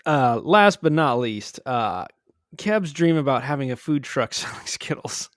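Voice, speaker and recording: A man co-hosting a podcast in casual chat, reminiscing, laughing often and acting out quotes loudly. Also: medium pitch, big pitch swings, unhurried, dry recording, clean studio sound. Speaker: podcast co-host.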